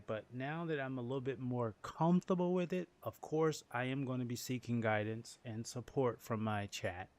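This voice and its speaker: No room sound surrounds this mid-range male voice. A New Orleans, Louisiana native streaming games, he chats casually and rambles, often restarting or repeating words as he tells lively stories with laughter.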